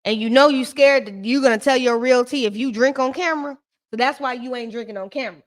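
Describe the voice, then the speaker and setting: A woman's voice: sits high, fast. A woman giving blunt, sassy, slang-filled casual commentary while recapping a reality TV show.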